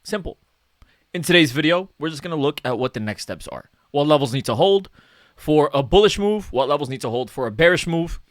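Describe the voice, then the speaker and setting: A man's voice: fairly high pitch, animated, fairly quick, no room sound, clean studio sound. A man talking casually through market charts as a stock analyst, chatty and self-mocking, often tagging "okay?" and "right?".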